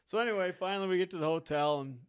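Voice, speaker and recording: A man's voice: high-pitched, rapid-fire, smooth. A man, a ferry pilot, telling stories in a casual interview, acting out the people in them and laughing often. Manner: animated storyteller, acts out dialogue, laughs often.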